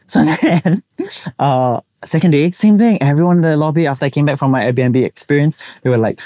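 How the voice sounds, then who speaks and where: A young podcast host from Singapore, accent distinctly Singaporean English, animatedly tells a personal anecdote and mimics the voices of people he quotes. He speaks a little fast with a voice on the high side, in studio-quality sound with no room ambience.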